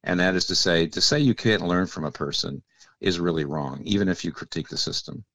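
A man speaking as a theologian guest in an interview, explaining ideas in a measured, teacherly way and often dropping into quiet asides. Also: low-pitched, no room sound.

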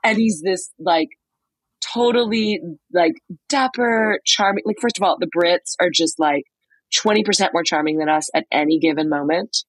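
A woman with a low, husky voice tells a story in casual podcast chat. She fills it with "like"s and acts out what people said. The sound is close and dry. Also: moderate pace, no echo, rough recording. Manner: animated storyteller, many "like"s, acts out quotes. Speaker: podcast co-host reporting from a trial. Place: motel room.

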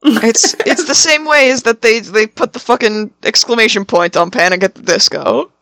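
A woman's voice: on the high side, moderate pace, a bit bright, dry recording. A woman guest on a casual music podcast, blunt and casually swearing.

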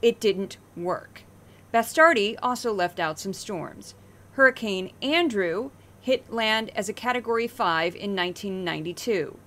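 A woman hosting a podcast, giving chatty, wry commentary on news clips with animated asides. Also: medium pitch, unhurried. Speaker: podcast host. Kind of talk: casual commentary.

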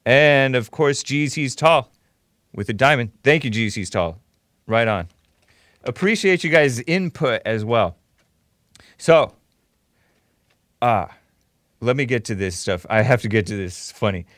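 A man's voice: mid-range voice, animated, measured pace, pauses often, a bit bright, dry recording, studio quality. A man hosting a live call-in commentary show, talking casually and sarcastically as he thanks viewers. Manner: thanks viewers and reads donations aloud.

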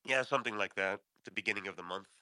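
A man, a guest founder, answering interview questions in a measured, thoughtful way with pauses. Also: lowish voice, pushed and bright, clean tone, no echo. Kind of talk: casual interview talk.

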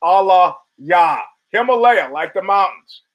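A man hosts his own podcast in a casual monologue, talking bluntly with profanity and laughing asides. His high voice has lively intonation and a measured pace. The recording, made with camera and studio mics, sounds muffled.

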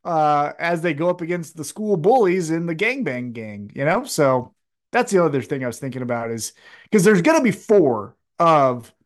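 A man's voice: fairly high pitch, very animated, normal speed. A man co-hosting a casual wrestling podcast, talking animatedly with plenty of swearing and acting out quotes in raised voices. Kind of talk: casual chat.

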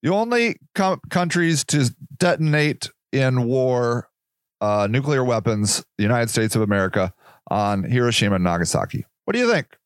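A man's voice: medium pitch, animated, moderate pace, clean tone, no echo, clean studio sound. A man hosting a podcast, talking in a rambling casual monologue, swearing now and then and acting out little quoted voices. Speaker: podcast host.

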